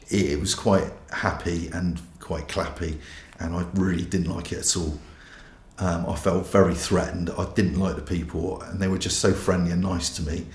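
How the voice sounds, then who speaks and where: A man's voice: low voice, reverberant. A man, a pastor giving a candid, self-mocking personal testimony. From England.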